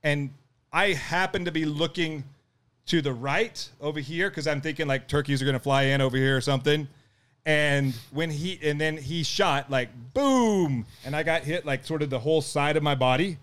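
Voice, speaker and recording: A middle-aged man, a podcast guest, tells a story in casual chat. He talks in an animated way, laughs often and acts out what people said. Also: on the high side, moderate pace, clear, resonant tone.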